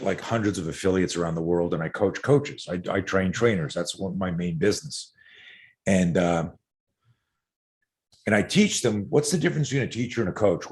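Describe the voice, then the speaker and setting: Middle-aged guy, low voice, rambling fun story with lots of ums and cussing. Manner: animated storyteller, casual swearing, frequent fillers. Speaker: self-defense coach, guest. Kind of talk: casual podcast storytelling.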